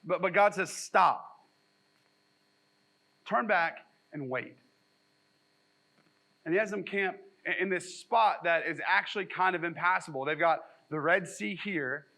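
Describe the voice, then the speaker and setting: A man's voice: sits high, normal speed, bright, forceful tone, low-quality recording. A male pastor, preaching a conversational sermon and mixing scripture reading with joking, self-deprecating asides.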